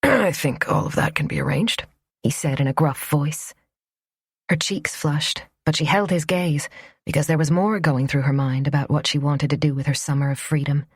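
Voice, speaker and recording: A woman narrating a romance audiobook in a soft, even storytelling voice. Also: low voice, moderate pace, husky, dry recording, studio quality.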